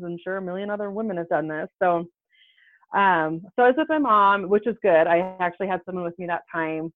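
This podcast guest is a woman in her thirties with a lowish voice, speaking at a normal speed as she casually tells a personal story. She gets animated and acts out the voices she quotes. The audio is a dry, tinny phone-like line with no room sound.

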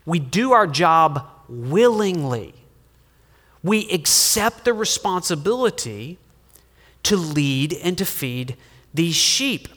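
A middle-aged male pastor delivers a sermon with a bright, forceful, somewhat high voice. He is lively and joking, dropping from loud emphasis to quiet asides. His words ring out with a long reverb in a large church hall.

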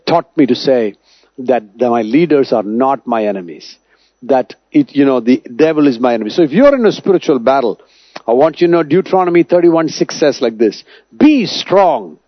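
A man preaching a sermon, declaring scripture over the listeners, swinging between loud emphatic lines and low hushed ones. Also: no echo, muffled recording.

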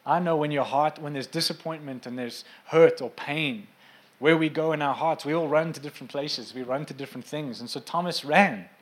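A man with a fairly high voice preaches at a moderate pace, casual and conversational, turning now and then to address his congregation directly. He gets emphatic as he presses his points home.

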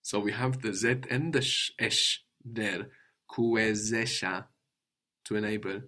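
A man's voice: lowish voice, fairly even intonation, unhurried. Patient man teaching a language lesson. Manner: patient, prompting questions, gentle corrections.

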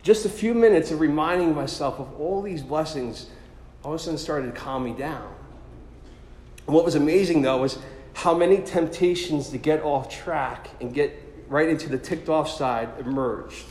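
A man telling a personal story as a sermon, in an animated, self-deprecating way. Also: fairly high pitch, moderate pace, a little hiss or hum. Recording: echoey hall with long reverb.

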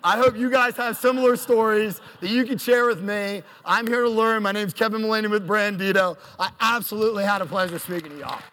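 A man in his thirties tells a self-deprecating story before a live audience. He acts out quotes with animation, and his high voice rings through a reverberant hall. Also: steady tone, brisk, few pauses, bright, forceful tone. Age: 30s. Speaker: storyteller on stage.

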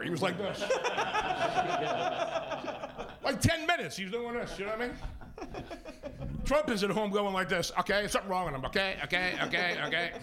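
A man doing a brash, jokey stand-up comedy set as a guest on a local TV show. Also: high-pitched. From Ireland-descended American? no. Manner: brash, rapid jokey delivery with asides. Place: local TV studio.

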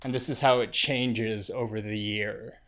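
A man's voice: on the low side, steady tone, a little slow, fairly bright tone, slight background noise. A young man co-hosting a podcast in casual chat, dry and wry, with some swearing. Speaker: podcast co-host.

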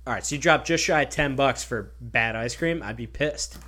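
A man's voice: medium pitch, normal speed, pushed and bright. A man co-hosting a podcast in casual chat, arguing back in an easygoing way, often saying "dude" and laughing. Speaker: podcast co-host.

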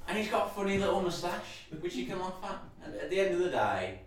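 A man's voice: sits high, moderate pace. A young man riffs and jokes in casual chat, swearing freely and breaking into laughter. His voice swings up and down a lot. He sounds far from the mic in a very echoey room. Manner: sweary, laughing, lively banter.

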